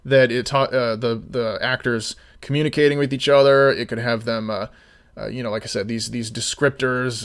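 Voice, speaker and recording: A man talking casually on a live stream, rambling with many restarts and sometimes getting loud and exasperated. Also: mid-range voice, steady tone, brisk.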